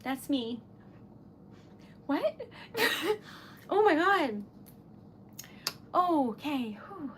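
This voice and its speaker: A woman's voice: high-pitched, very animated, drawn-out words, pauses often, a bit bright, slight background noise. A woman livestreaming who is tearful and giggly, flustered and stammering, laughing through tears as she gushes her thanks. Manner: breathless gushing thanks. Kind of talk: casual livestream chat.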